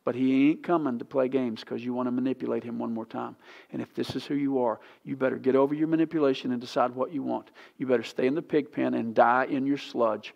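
A pastor preaching a sermon in a church sanctuary, pleading and impassioned, swinging from hushed to loud. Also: male voice, medium pitch, fairly even intonation, brisk, creaky, highs cut off.

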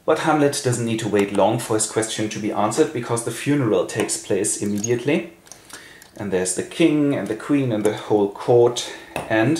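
A man's voice: fairly low pitch, darkish tone. A man hosting a playful retelling with toy figures, narrating in a wry, offhand way with joking asides. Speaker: host. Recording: roomy echo, faint noise.

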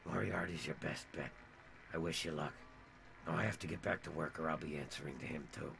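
A man's voice: rumbling low, fairly quick, background noise. An actor playing a meek, corpse-like ghoul barman in a video game, with a timid, grateful manner. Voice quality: gravelly, rasping.

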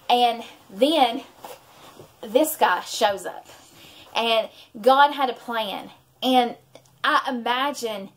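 A woman's voice: fairly high pitch, a bit bright. A woman, in her thirties, sharing a heartfelt, rambling personal faith story on her vlog. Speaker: vlogger and mother. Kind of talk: emotional personal testimony.

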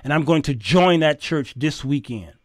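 A man's voice: fairly high pitch, lively intonation, normal speed, no room sound, clean studio sound. A man hosting his show, delivering a heated, preachy commentary rant that scolds his listeners and repeats phrases for emphasis. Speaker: host.

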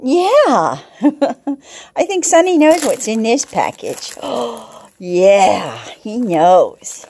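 A woman's voice: on the high side, big pitch swings, drawn-out words, dark tone, slight background noise. A woman in a home video, cooing baby talk to her cats with frequent gasps and small laughs. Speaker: cat owner filming her pets.

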